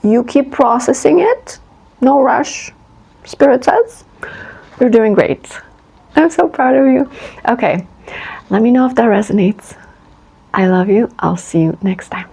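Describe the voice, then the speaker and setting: A woman gives a collective tarot reading in an effusive, rambling way and laughs often. Her voice sits a little high and has a gravelly fry. She jumps into a high voice to act out reactions. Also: lively intonation, unhurried, pauses often, warm tone, low-quality recording. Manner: acts out quoted reactions in a high voice. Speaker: tarot reader.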